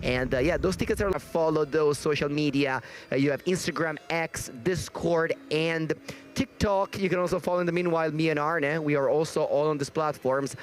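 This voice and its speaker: A man's voice: fairly high pitch, steady tone, moderate pace, faint music behind. Chatty male tournament commentator. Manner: chatty, joking, with frequent fillers. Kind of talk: live esports-style commentary. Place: tournament venue.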